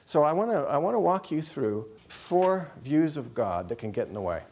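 A middle-aged man preaching a sermon in an animated way, acting out voices. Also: a little high, moderate pace, husky.

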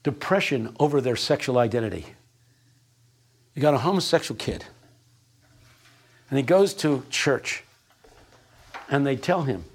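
An older male preacher with a gravelly, husky voice. He preaches in an emphatic, folksy way, building his points in rhythm and dropping in wry asides. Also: medium pitch. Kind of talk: sermon.

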